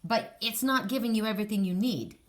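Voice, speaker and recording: A woman giving a casual spiritual card reading, talking straight to the listener in a rambling way, with restarts and soft sighs. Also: on the high side, brisk. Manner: emotional, soft and sighing in places. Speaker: psychic card reader.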